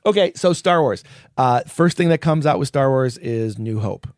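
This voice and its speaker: Animated, swearing male podcast co-host. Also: mid-range voice, moderate pace, no echo, clean studio sound. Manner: animated, swears freely, acts out quoted reactions. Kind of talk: casual chat.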